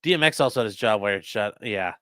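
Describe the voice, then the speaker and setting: A male host giving livestream commentary in an animated, sarcastic way, reacting to clips and reading chat aloud. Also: lowish voice, brisk, dry recording, studio quality.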